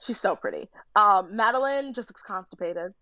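Animated, opinionated woman chatting. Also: medium pitch, moderate pace, highs cut off. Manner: animated, opinionated, lots of fillers. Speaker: podcast co-host. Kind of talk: casual chat recapping a TV show.

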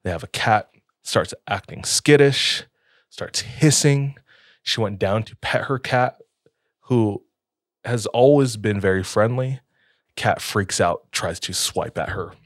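Low-voiced man telling a spooky story. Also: takes it slowly, dry recording, clean studio sound. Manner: laid-back, many "like" fillers. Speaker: podcast co-host telling a story. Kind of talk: casual storytelling.

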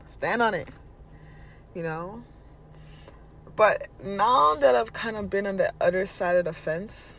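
A man's voice: sits high, creaky, fairly bright tone, slight background noise. A man hosting a podcast, giving a blunt, casual spiritual motivational monologue and swearing freely. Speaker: podcast host.

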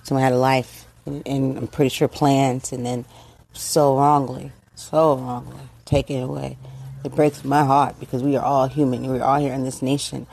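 A middle-aged woman from the United States, hosting a casual monologue, speaking emotionally and haltingly with many fillers and restarts, tearful. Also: very deep voice, dark tone. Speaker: host. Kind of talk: casual monologue on current events.

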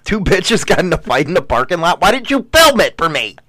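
A man's voice: high-pitched, sing-song, a little fast, bright, forceful tone, dry recording. A man in casual chat who cuts in with blunt, profane remarks.

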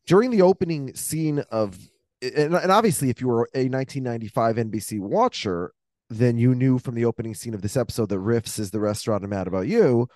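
A man's voice: mid-range voice, quick pace, darkish tone, dry recording, clean studio sound. A man hosting a casual podcast chat, thinking aloud and rambling between points. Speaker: podcast host.

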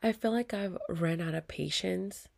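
A woman's voice: fairly low pitch, normal speed, creaky, a little mellow. A woman, venting to viewers in a heated, profane story with whispered asides. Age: 30s. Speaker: vlogger.

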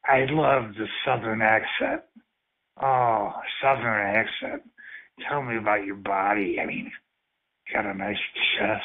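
Man, chatline caller, slow, rambling, moaning, mid-pitched, tinny phone line. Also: expressive, vocal fry. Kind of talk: explicit phone chat.

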